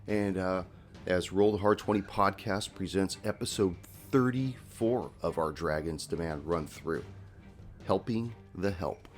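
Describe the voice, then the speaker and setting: A congested man hosting a tabletop game podcast as game master, talking in a relaxed, rambling way with plenty of fillers. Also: low voice, unhurried, music in the background. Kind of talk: podcast intro and casual chat.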